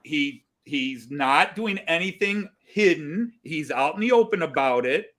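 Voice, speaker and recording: A man hosting a casual group chat, talking in a rambling, animated way with many restarts. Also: a little high, measured pace. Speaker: host.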